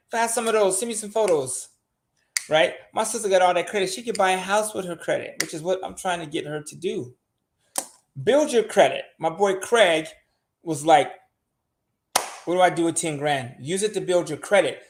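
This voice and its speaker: A man's voice: a little high, a little hiss or hum. An older man, a show regular, giving blunt money advice in casual podcast talk and swearing freely.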